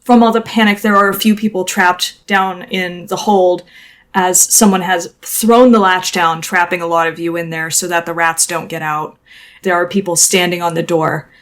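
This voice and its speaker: A woman's voice: on the low side, steady tone, normal speed. A woman narrating a tabletop game as game master, setting scenes vividly with lots of casual fillers.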